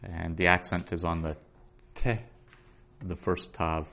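A man teaching a Biblical Hebrew class, reading verses aloud slowly and then patiently explaining the grammar. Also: low-pitched, level tone, fairly bright tone. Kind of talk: slow explanatory lesson.

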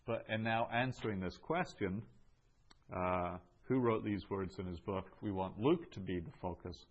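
Male teacher, unhurried delivery with fillers, dull muffled recording. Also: on the low side. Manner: slow, measured, with many fillers. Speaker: Greek teacher. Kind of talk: classroom lesson, going over answers.

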